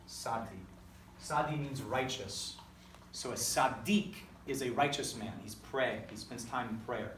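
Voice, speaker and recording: A man's voice: mid-range voice, a bit bright, a little hiss or hum. A man teaching a classroom lesson, leading call-and-response drills with energy and correcting himself as he goes. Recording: echoey classroom recorded from far off.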